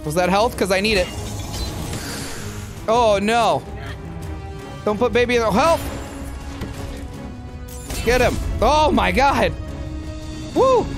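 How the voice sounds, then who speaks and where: A gameplay streamer giving excitable, casual commentary full of quick yelps. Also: music in the background. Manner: excitable, with yelps and a wide pitch swing. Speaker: gameplay channel host.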